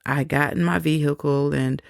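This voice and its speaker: A woman podcast host telling a personal faith testimony, slow and reflective, with soft laughs between thoughts. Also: low voice, fairly even intonation, gravelly, dry recording, clean studio sound.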